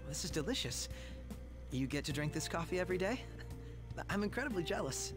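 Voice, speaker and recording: Man reading as a polite young male detective, smooth, measured, courteous, game music underneath. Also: on the high side, animated, pitched above the performer's own voice, lightly acted.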